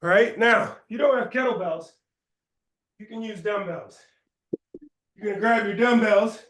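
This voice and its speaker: High-voiced man coaching a workout. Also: normal speed, fairly bright tone, distant mic. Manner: instructive, counts reps aloud, brief cues. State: out of breath at times. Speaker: fitness instructor. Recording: roomy echo.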